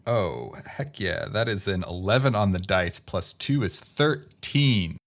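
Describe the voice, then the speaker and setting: A man's voice: lowish voice, lively intonation, unhurried. A man playing a tabletop role-playing game, talking through his choices in a playful way. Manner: playful, easily amused. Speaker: player. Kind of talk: casual tabletop play.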